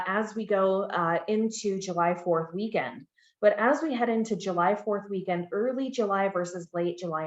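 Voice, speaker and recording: A woman presenting real estate market data in a webinar, steady and explanatory. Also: lowish voice. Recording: echoey, dull lo-fi audio.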